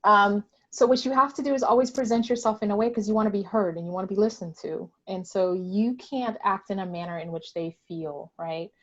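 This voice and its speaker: A woman speaks in a deliberate, reflective way, choosing her words with care. Her pitch sits in the middle range. The call audio sounds a little dull and lo-fi. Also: fairly bright tone. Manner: deliberate, reflective, occasional laughs. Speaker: panelist. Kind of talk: candid discussion.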